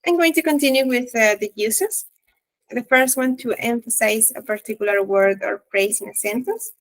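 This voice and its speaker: Higher-voiced woman presenting grammar to class. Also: a bit bright, rough recording. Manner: reads definitions and examples aloud with fillers. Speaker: student presenter.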